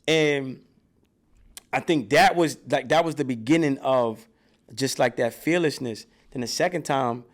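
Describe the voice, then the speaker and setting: A man guest in an interview, telling profane, animated stories from his childhood and getting loud when reenacting scenes. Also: medium pitch, measured pace. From New York. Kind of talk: casual storytelling in an interview.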